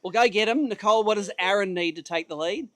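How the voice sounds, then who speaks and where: At an outdoor waterside stage, an Australian man emcees a fishing tournament weigh-in, talking fast in a high voice. He banters with the anglers live, chatty and upbeat.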